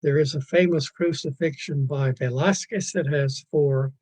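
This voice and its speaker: A man gives a virtual museum lecture on paintings, his voice slightly high-pitched with a husky edge. He drifts into side stories, stumbles over restarts and pokes fun at his own disorganization. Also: measured pace, darkish tone, rough recording. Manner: digressive, self-deprecating, stumbling restarts. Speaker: art lecturer. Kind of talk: virtual museum art talk.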